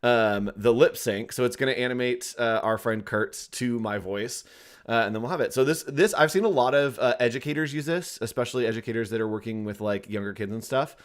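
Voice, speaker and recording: A man's voice: medium pitch, a little fast. Guy cohosting a tutorial stream, chatty and rambly, medium voice. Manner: chatty, rambling, addresses the chat. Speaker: co-host of a software tutorial livestream. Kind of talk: casual livestream demo.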